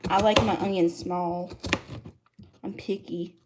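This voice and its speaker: A woman's voice: fairly low pitch, fairly even intonation, slow pace, heavy background noise. A woman cooking on a livestream in her home kitchen, chatting casually as she greets viewers and reads the chat aloud. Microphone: streaming mic.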